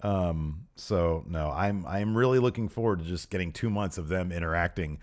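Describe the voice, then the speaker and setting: A man co-hosting a wrestling review podcast in casual chat, animated and laughing often, acting out what the wrestlers said. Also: low voice, normal speed. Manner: animated, acts out quoted lines. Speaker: podcast co-host.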